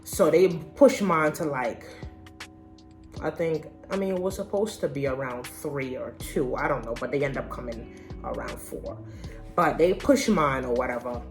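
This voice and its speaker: Low-voiced young woman, candid vlog storytelling. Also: animated, moderate pace, soft background music. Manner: candid, slangy and conversational. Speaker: vlogger.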